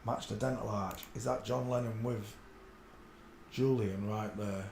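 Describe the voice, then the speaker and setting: A man's voice: lowish voice, a little slow, vocal fry, slight background noise. Man muttering in a roomy room. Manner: mutters under his breath, then bursts out loud and excited; blunt and crude, talks to himself while searching images. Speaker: livestream host. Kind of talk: rambling solo livestream commentary.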